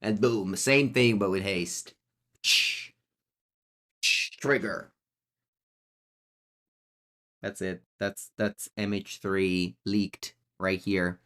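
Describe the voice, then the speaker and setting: A man's voice: sits low, fairly even intonation, slow, few pauses. A man with an Italian accent giving live, chatty commentary as he plays, talking to himself and to his chat. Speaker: streamer.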